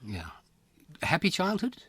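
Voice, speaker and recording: A man hosting a radio interview, asking teasing, leading questions in a relaxed way. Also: high voice, measured pace, slightly rough, dry recording.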